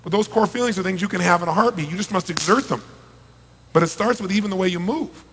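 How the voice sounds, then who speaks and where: A middle-aged motivational speaker addresses a large live audience, his voice pitched rather high for a man. He works the crowd with rhetorical questions, swinging between loud pushes and quiet stretches. The sound rings out through a large reverberant event hall. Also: fast, slight background noise. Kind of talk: live seminar talk to a big audience.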